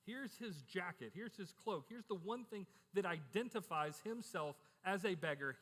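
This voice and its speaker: A man's voice: high voice, fairly bright tone. A middle-aged male pastor preaching a sermon in a candid, conversational way, often repeating words as he starts a sentence. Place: church. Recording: echoey church hall.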